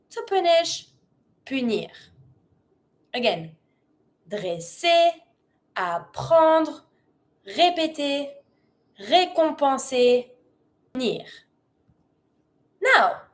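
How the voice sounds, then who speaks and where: High-pitched native french speaker teaching french, slow careful pronunciation drills, switches english and french. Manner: energetic when demonstrating commands. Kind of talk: language lesson.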